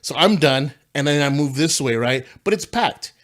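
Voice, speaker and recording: A man who is a pastor, telling stories in a casual podcast chat, slangy and animated, saying "bro" and "dude". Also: on the high side, moderate pace.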